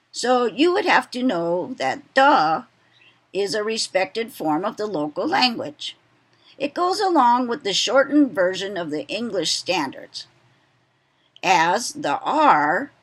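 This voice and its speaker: A woman giving a read-aloud presentation, talking slowly and deliberately with lively intonation. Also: medium pitch, slightly rough.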